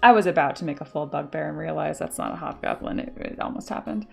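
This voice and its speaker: A woman's voice: deep voice, quick pace, gravelly, faint music behind. A woman chatting casually on a live stream while she sculpts, laughing often and reading viewer comments aloud. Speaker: 3D sculptor streaming her work.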